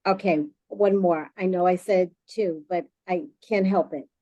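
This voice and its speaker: A woman moderating a panel discussion, brisk and apologetic about the running time. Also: lowish voice, steady tone, warm tone, no room sound, lo-fi sound.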